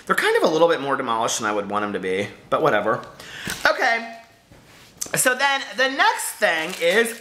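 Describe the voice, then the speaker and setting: A woman book vlogger talks casually to camera, gushing and exclaiming often. Her voice is bright and sits at a middling pitch, swooping up and down with lively energy. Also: moderate pace.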